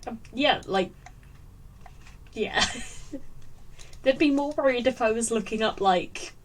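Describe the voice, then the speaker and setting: A woman's voice: fairly high pitch, slow, far from the mic, a little hiss or hum. A woman running a tabletop game as dungeon master, joking and laughing easily.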